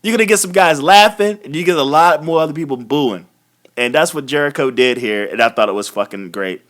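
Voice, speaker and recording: A man's voice: on the high side, fairly quick, a bit bright. A man hosting a live wrestling recap, ranting casually and profanely, often laughing. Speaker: host of a wrestling recap show.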